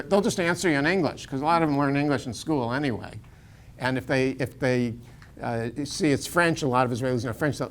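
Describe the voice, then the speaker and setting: An older American man lecturing as a university professor in a casual, digressive way, chuckling often and restarting his sentences. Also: medium pitch. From United States.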